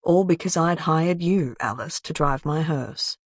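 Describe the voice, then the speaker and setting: A woman performs the part of a composed, menacing male crime boss for an audiobook, her delivery cool, measured, and quietly threatening. Her pitch is fairly high, and the recording has no echo.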